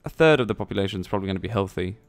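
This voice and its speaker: A man with a fairly low voice talks through a strategy game, thinking aloud as he plays. He rambles and throws in jokey asides, with faint music playing under his voice. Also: lively intonation, very fast. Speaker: let's play commentator. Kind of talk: casual gameplay commentary.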